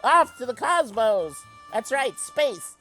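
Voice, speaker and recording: A man's voice: very high-pitched, sing-song, takes it slowly, sharp tone, faint music behind, pitched above the performer's own voice, full character voice. A man voicing a bombastic, space-obsessed male alien tinkerer in an old-timey newsreel announcer style, with grandiose, flowery phrasing.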